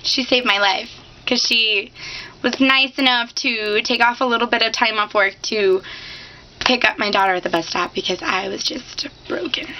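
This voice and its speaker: A woman in her thirties talks straight to the camera in a loose, confessional rant. Her voice sits high and sounds bright and sharp. She is exasperated and frank throughout. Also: steady tone, normal speed, a little hiss or hum, low-quality recording. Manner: exasperated, swings into mock sobbing. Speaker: vlogger. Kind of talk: casual confessional vlog rant.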